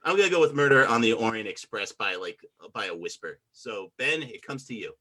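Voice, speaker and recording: A man presiding over a casual podcast debate about films, relaxed and enthusiastic, with a lot of "like" and "you know". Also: medium pitch, fairly quick.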